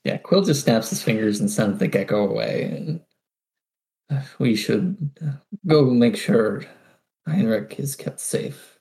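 A man plays his character in a tabletop game with slow, formal phrasing. His voice has a gravelly, fry-edged texture and an unhurried pace. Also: mid-range voice, lively intonation, warm tone. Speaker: player. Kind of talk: in-character role-play.

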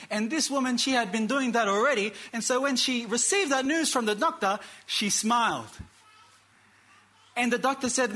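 A man preaching a sermon, telling a story with dramatic pauses and calling out to the congregation. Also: very high-pitched, sharp tone. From Australia. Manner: dramatic pauses, quotes characters, calls for amen.

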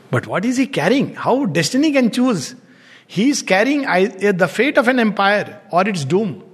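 A man giving a reflective talk on poetry, at times reading verse aloud slowly. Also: high voice, sing-song, breathy edge. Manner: thoughtful, unhurried, reads verse aloud slowly. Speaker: lecturer on poetry. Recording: long hall reverb.

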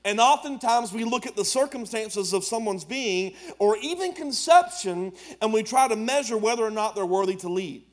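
A man preaches a sermon, his voice sitting high for a man. He talks in plain, colloquial phrases and builds his points with emphatic repetition. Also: lively intonation, moderate pace, hardly any pauses. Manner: preaching with rising emphasis and Southern colloquial speech. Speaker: pastor.

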